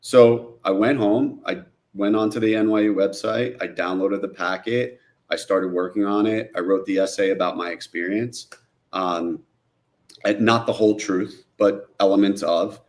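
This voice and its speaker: A man's voice: fairly low pitch, normal speed. A man from New Jersey, a guest and film director, telling his own story in an interview and acting out the people he quotes. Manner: animated retelling, acting out quoted voices.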